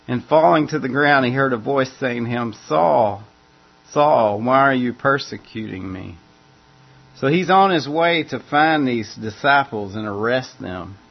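A man preaching in a casual, conversational way, often repeating and restarting phrases as he explains. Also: medium pitch. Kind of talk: conversational Bible teaching. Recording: dull lo-fi recording.

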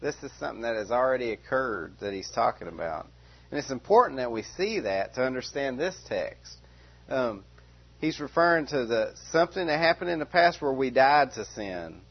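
Man preaching with slow emphatic repetition. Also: mid-range voice, lively intonation, breathy edge, dull audio. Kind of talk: expository sermon.

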